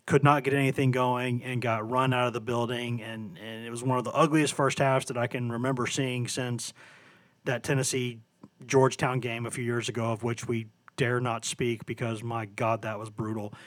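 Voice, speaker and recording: A man's voice: mid-range voice, flat delivery, normal speed, fairly bright tone, no room sound. Casual rambling man talking college hoops. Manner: rambling, self-correcting, stumbles over names. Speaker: sports podcast co-host. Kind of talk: casual sports talk.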